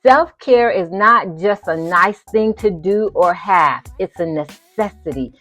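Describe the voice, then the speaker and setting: Lower-voiced woman giving a motivational talk. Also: animated, a little slow, a bit bright, faint music behind. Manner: emphatic, preacherly, playful, repeats phrases for effect. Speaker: podcast host. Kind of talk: motivational solo podcast.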